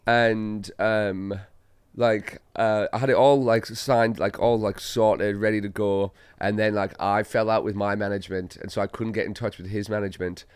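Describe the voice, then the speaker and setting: A man's voice: fairly low pitch, fairly even intonation, normal speed, clear, resonant tone, no echo. A young Australian man, a comedian guest, telling stories in casual podcast chat, laid-back and swearing, acting out quotes as he goes.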